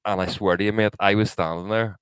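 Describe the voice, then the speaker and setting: A deep, low-pitched man tells a rambling story on a podcast. He swears freely and keeps the story rolling. His voice sounds dry and close to the mic. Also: fast talker, clean tone, dry recording. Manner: lively anecdote-telling with frequent swearing. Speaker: podcast co-host. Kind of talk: casual chat.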